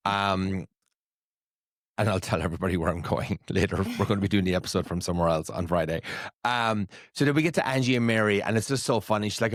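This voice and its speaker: A man's voice: deep voice, quick pace, dry recording, studio quality. A man hosting a podcast, chatting casually and gossiping about reality TV with plenty of laughter and swearing. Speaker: podcast host. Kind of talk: casual chat recapping reality TV.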